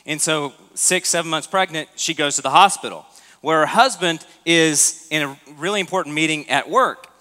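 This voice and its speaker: The long reverb of a church auditorium surrounds a pastor's fairly high, pushed and bright voice as he preaches at a moderate pace. His delivery is informal, and he addresses questions directly to the congregation.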